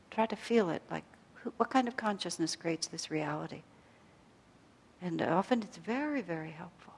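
A woman's voice: on the low side, big-room sound. A woman giving an evening spiritual talk to a gathered group, telling stories about herself in a reflective way and laughing lightly at her own mistakes. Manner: reflective, storytelling, self-deprecating with light laughs. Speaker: spiritual teacher.

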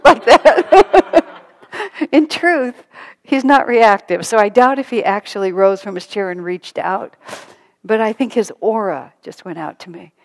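A woman's voice: on the low side, darkish tone. An older woman giving an informal spiritual talk, telling stories with frequent laughter and acting out the voices of people she quotes. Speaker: spiritual teacher.

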